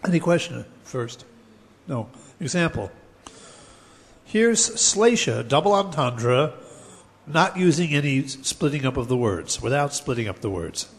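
A man teaching a lecture on poetics, explaining terms step by step and chanting verses slowly. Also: mid-range voice, very animated, big-room sound.

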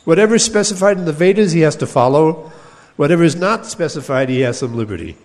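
A man giving a scripture class, explaining texts in a measured way and pausing over quoted verses. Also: on the high side, lively intonation, a little mellow. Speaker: teacher of Vedanta scripture. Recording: long hall reverb.

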